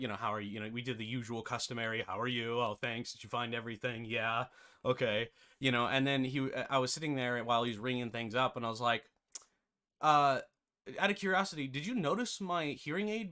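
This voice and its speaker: A man who hosts a game development tutorial, telling a casual, animated story with chatty asides. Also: medium pitch.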